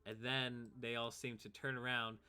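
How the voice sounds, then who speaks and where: A man narrating as game master in a tabletop role-playing game, relaxed and loose, chuckling often. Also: mid-range voice, normal speed, smooth.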